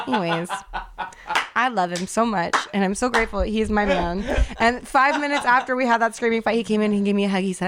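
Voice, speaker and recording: A woman's voice: mid-range voice, fast talker, crowd noise. A woman in her thirties hosting a podcast, telling a story in a casual, exasperated and profane way. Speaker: podcast host.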